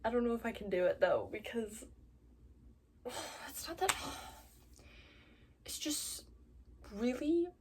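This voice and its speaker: Emotional woman, soft whispers and outbursts. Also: a little high, big pitch swings, takes it slowly, pauses often, a little hiss or hum. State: upset, close to tears. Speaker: book vlogger. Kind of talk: reading vlog, casual talk to camera.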